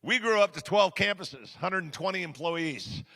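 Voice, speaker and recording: A man's voice: sits high, lively intonation, moderate pace, sharp tone. A middle-aged man preaching, telling a story in a chatty, self-deprecating way with many fillers, in a church sanctuary. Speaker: guest pastor. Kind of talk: sermon storytelling. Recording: large hall with long reverb.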